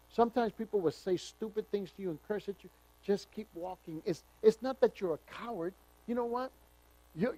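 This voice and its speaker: A man's voice: high-pitched, dark tone, dry recording, poor audio. A man pastor teaching the Bible verse by verse in a conversational, emphatic way, telling personal stories.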